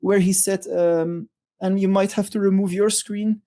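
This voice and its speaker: A co-host in a casual chat, reflective and halting, often searching for words. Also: mid-range voice, little pitch movement, dark tone. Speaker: podcast co-host.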